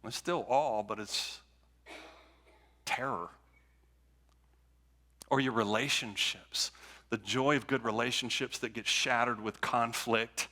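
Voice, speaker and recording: A man's voice: medium pitch, steady tone, slow, long pauses, pushed and bright. A male pastor preaching a conversational sermon, repeating phrases and restarting as he builds his points. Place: church sanctuary. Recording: long church hall reverb.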